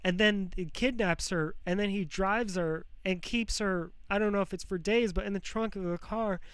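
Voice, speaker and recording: A show host speaks in a high, fairly bright, clean voice at normal speed with no echo. His monologue is rambling and personal, raw and close to tears, full of swearing, fillers, and restarted sentences.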